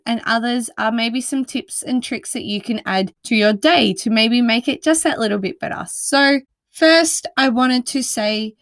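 A woman's voice: fairly high pitch, no room sound. A woman hosting a casual self-help podcast. She talks in a chatty, reassuring way, with lots of "like" and frequent laughs. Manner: chatty and reassuring, many "like" fillers, laughs often. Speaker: podcast host.

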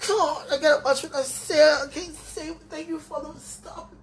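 A woman speaking an emotional prayer out loud, pleading and tender, repeating her phrases. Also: high voice, steady tone, normal speed, slight background noise.

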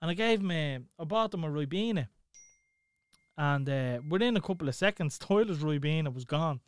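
A young man with a Dublin accent tells a story in casual, profane chat, his voice sitting fairly high for a man. He keeps the telling animated, and the sound is close and dry with no room around it. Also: normal speed, smooth, no echo. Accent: Dublin Irish. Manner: swearing, animated retelling.

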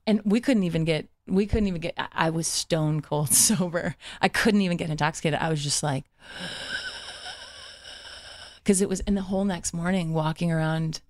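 A woman guest comedian telling a story in casual conversation, lively, acting out other people's quoted lines amid fillers and false starts. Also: fairly low pitch, no echo, clean studio sound. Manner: lively, acts out what others said in quick quoted voices.

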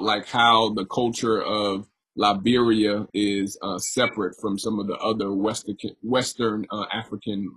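A man's voice: on the low side, a bit bright, husky. A man interviewing a guest, asking long rambling questions with many fillers. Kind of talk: conversational interview.

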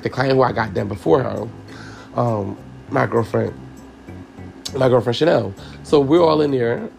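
A man's voice: medium pitch, creaky. A man hosting a podcast, telling a personal story in a candid, profane, casual way and talking straight to his listeners. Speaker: podcast host and hairstylist.

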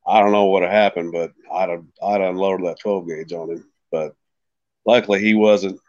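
A man's voice: sits low, fairly even intonation, moderate pace, darkish tone, highs cut off. A man guesting on a podcast, telling a story in a rambling, folksy way and often saying "like I said". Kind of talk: casual storytelling.

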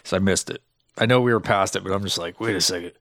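A man's voice: sits low, vocal fry, fairly bright tone, no echo. Profane, mocking man on a podcast. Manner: profane, mocking, blurts quick asides. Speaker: podcast co-host. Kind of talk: casual movie review chat.

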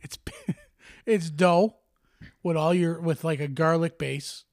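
A man's voice: a little high, fairly even intonation, takes it slowly, a little mellow, no echo, clean studio sound. A man co-hosting a casual comedic debate, blunt and sarcastic, heckling the other side.

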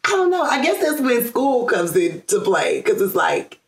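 A woman's voice: on the high side, big pitch swings, moderate pace. A woman from Georgia in the US, chatting in a casual interview, rambling with many fillers and restarts and laughing often. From Georgia, USA. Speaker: interview guest. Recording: roomy echo.

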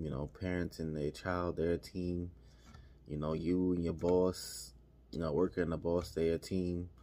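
A man with a low, mellow voice delivers a motivational monologue, speaking casually and repeating himself as he urges listeners to work together as a team.

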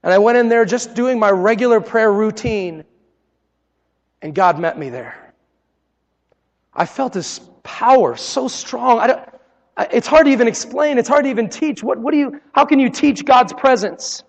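Guy preacher, high voice, earnest storytelling sermon, lots of hall echo. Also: expressive, moderate pace, vocal fry. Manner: earnest, personal storytelling with dramatic quiet drops. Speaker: pastor.

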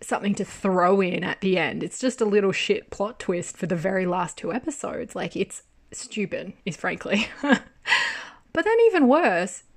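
A woman giving a casual spoken review of a TV drama, animated and exasperated, swearing freely and laughing often. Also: mid-range voice, normal speed.

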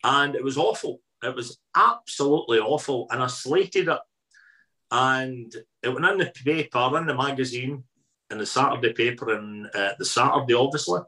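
A Scottish man in his fifties, a guest in an interview, telling lively anecdotes in casual chat and repeating phrases for emphasis. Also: mid-range voice, normal speed, rough recording. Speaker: interview guest, food columnist.

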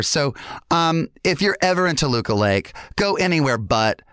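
A man's voice: mid-range voice, very animated, moderate pace, fairly bright tone, smooth, dry recording, clean studio sound. A man hosting a podcast, telling a rambling, self-deprecating story in a casual, comedic way. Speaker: podcast host.

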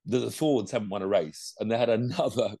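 An older man, co-hosting a motorsport roundup in animated, rambling casual chat. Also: on the low side, fast, husky, no echo, studio quality. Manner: animated, rambling, lots of restarts and laughs. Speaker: co-host of a motorsport show.

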